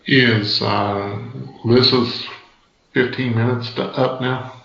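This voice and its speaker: A man on a podcast giving a casual book review in a measured, halting way. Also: medium pitch, fairly even intonation, a bit bright. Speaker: podcast co-host. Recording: echoey, dull podcast audio.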